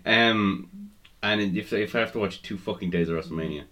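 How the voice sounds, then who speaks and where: A man's voice: lowish voice, moderate pace, bright, forceful tone. A man co-hosting a casual wrestling podcast, swearing freely and tossing in jokey interjections. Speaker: podcast co-host.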